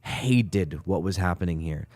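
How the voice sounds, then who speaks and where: A man co-hosting a church podcast, telling stories in casual chat with an emphatic, animated manner. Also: low voice, measured pace, no echo.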